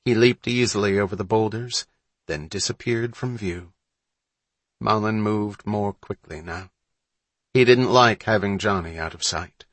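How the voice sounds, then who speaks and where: A man with a fairly low voice reads a children's adventure story in steady, measured narration. The recording is close and dry, with no room sound. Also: dry recording. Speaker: audiobook narrator. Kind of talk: scripted narration.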